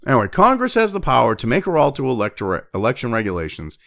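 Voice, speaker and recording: A man's voice: mid-range voice, wildly swooping pitch, creaky, a bit bright. A man hosting ranting news commentary, profane and exasperated, sighing heavily and breaking off from reading news to vent. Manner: reads news text quickly, then breaks off to vent.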